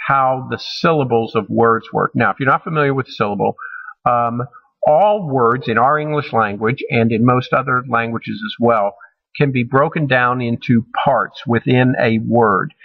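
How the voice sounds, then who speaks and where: A man teaching a recorded college humanities lecture, measured and halting, with frequent ums and restarts. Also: medium pitch, lo-fi sound.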